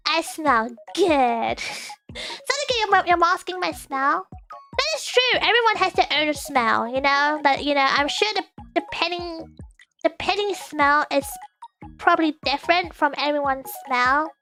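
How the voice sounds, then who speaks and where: Very high, giggly woman streamer. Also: animated, unhurried, pushed and bright, soft background music. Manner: giggly and playful, bursts into squeals. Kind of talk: casual chat reading viewer comments.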